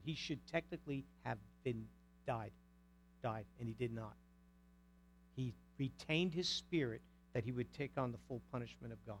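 A man's voice: mid-range voice, a little hiss or hum. A male pastor preaching an emphatic sermon, asking the congregation pointed rhetorical questions.

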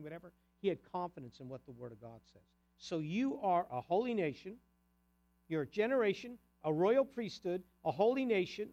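Animated, high-voiced male preacher. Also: dull audio. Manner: animated preaching with sudden loud and soft swings; conversational asides to the congregation. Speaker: pastor. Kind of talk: sermon.

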